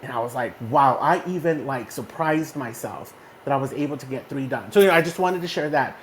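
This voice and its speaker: A man's voice: medium pitch, brisk, slight background noise. A man from Texas co-hosting a casual motivational chat in a social audio room. He tells stories with lots of energy and keeps asking "right?". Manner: animated storyteller who often checks in with "right?". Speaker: co-host. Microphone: phone in a social audio room.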